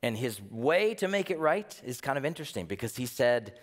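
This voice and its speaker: Guy preaching a sermon, mid-pitch voice, lively questions, big echoey church sound. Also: moderate pace, hardly any pauses. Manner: animated, voices rhetorical questions with rising pitch. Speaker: pastor.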